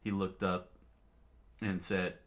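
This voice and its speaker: A man casually reading a comic aloud, halting with many fillers and restarts and chuckling now and then. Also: low-pitched, level tone, fairly bright tone. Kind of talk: casual read-aloud narration.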